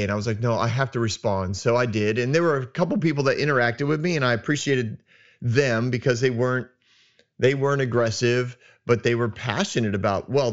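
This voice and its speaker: A man hosting his own podcast, talking at a studio mic in an animated, emphatic way that turns loud. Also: medium pitch, highs cut off. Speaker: podcast host. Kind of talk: solo podcast monologue. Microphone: studio microphone.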